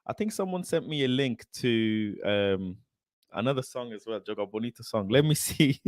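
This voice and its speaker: A man hosting a football fan livestream, excitedly chatting, at times shouting and singing along. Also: medium pitch, normal speed, dry recording, clean studio sound. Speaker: football channel host. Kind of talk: livestream chat. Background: music playing.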